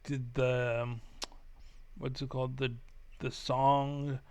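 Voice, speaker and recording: Rambling, profane man with a smooth voice. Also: mid-range voice, level tone, takes it slowly, darkish tone. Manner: rambling and profane, many fillers and restarts. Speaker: streamer reacting to political videos. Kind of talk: casual rant.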